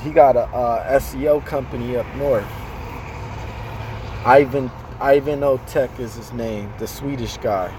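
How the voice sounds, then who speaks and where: A man hosting a casual live chat from a car in the city, talking in a loose, slangy, animated way. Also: medium pitch, a little slow, noisy background. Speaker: host.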